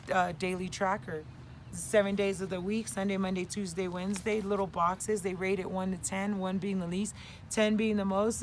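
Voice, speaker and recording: With a mid-range voice and a little background noise behind her, a middle-aged woman shares coping skills outdoors, talking to the camera in a candid, casual, animated way. She swears occasionally.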